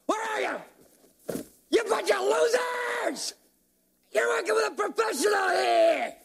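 An actor playing a manic, sleazy male ghost con man who wheedles and pushes, then erupts into shouting. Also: extremely high pitch, a little slow, a faint crowd, full character voice. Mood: frantic shouting. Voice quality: gravelly, wildly swooping. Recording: noisy film clip.

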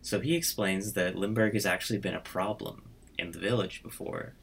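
A man's voice: deep voice, steady tone, normal speed, gravelly, slight background noise. A man casually retelling a story idea to friends, rambling and full of "like" as he acts out the characters' lines. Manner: rambling, full of "like" and quoted voices.

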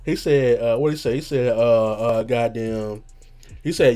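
A man's voice: mid-range voice, a little slow, dark tone. Rambling slangy man on a podcast. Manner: rambling, slangy, swears a lot, trails off searching for words. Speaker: podcast host. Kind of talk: casual podcast chat.

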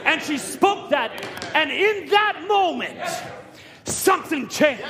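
A man preaching a sermon, telling a story with repeated words and rising to shouts at key points. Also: extremely high pitch, expressive, slow pace, long pauses, a crowd in the background. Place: church hall. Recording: long reverb of a church hall.

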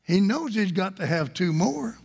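A male preacher delivering a storytelling sermon with animated delivery and bursts of shouting. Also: high-pitched, moderate pace, creaky, husky. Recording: reverberant hall.

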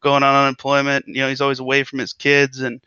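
A man's voice: medium pitch, monotone, fast talker, sharp tone, clean tone, dry recording. A man chatting as a podcast guest in a laid-back, rambling, jokey way. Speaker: guest, stock trading group leader. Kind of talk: casual podcast chat. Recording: dull lo-fi audio.

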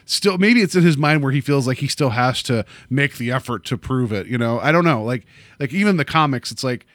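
A man chatting casually about a movie, animated and rambling, full of fillers and restarts. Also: medium pitch, a little fast, no room sound.

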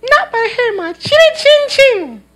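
Tiny defiant pig in a squealing falsetto for a storybook moment. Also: male voice, very animated, unhurried, pushed and bright, a little hiss or hum, full character voice.

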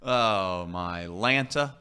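A man hosting a sports talk show in casual chat, animated and rambling, often restarting his phrases. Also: deep voice, extremely slow, clean tone.

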